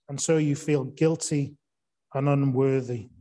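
A man's voice: a little high, measured pace, mellow. A man preaching an evening sermon, earnest, asking rhetorical questions and leaning hard on key words.

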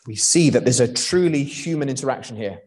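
Man from Wales, young adult, chatty church sermon, fillers and restarts, medium pitch. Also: animated, fairly quick, darkish tone. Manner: conversational, with frequent uh and restarts. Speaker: preacher.

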